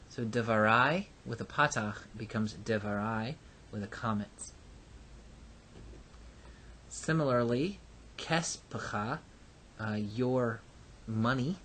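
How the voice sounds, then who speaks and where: A man teaching a recorded lesson, explaining patiently with frequent pauses and fillers. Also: medium pitch, pushed and bright, slight background noise. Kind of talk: recorded lecture.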